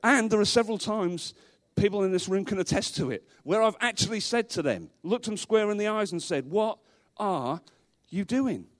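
A man's voice: high voice, expressive, fairly quick. A male pastor preaching a sermon to a congregation in a church, emphatic, repeating rhetorical questions and dropping in dry humorous asides.

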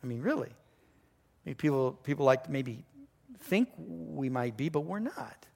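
A man preaching a sermon as pastor, telling a story earnestly, with sudden excited rises and quiet drops. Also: medium pitch, a little slow, vocal fry.

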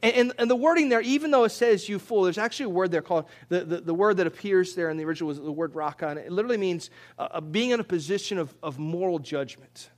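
A man with a high voice preaches to his congregation. He talks in a loose, conversational way, often repeating words before he finds them, and climbs higher when he drives a point home. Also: fast, hardly any pauses. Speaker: pastor. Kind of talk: sermon.

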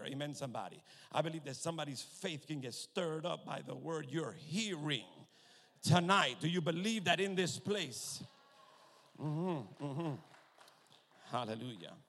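A man preaching in a call-and-response style, his voice sitting a little high for a man. He drops in hallelujahs between phrases, drags out important words and surges loud at the peaks. The sound carries the long reverb of a church hall. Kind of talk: sermon.

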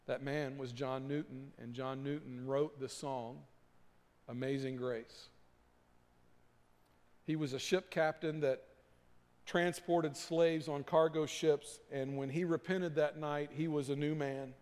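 A man's voice: mid-range voice, steady tone, takes it slowly. Preaching man in a reverberant hall. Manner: preaching with swells from hushed to emphatic. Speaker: pastor. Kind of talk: sermon.

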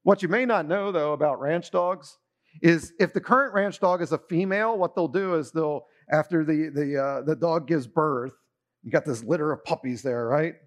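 A middle-aged male pastor delivering a sermon with a slightly higher voice than most men. He speaks in an easy, conversational way and keeps turning to the congregation with questions. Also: moderate pace. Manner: conversational preaching, asks the audience questions.

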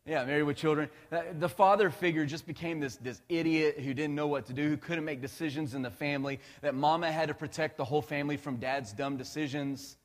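A male pastor preaching a conversational, animated sermon, with restarts and asides to the congregation. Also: on the high side, fairly quick, hardly any pauses. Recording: long hall reverb.

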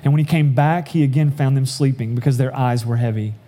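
A man delivers an earnest sermon in a warm, mellow voice of middling pitch. He reads scripture aloud and explains it, slowing down to stress the key lines. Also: flat delivery, slight background noise. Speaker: pastor.

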